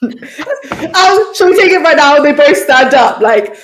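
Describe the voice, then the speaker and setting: A woman player in a casual tabletop game, speaking slowly and unhurriedly with a slightly high voice. She giggles often and pleads in character. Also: animated, a little hiss or hum. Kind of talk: casual tabletop role-play.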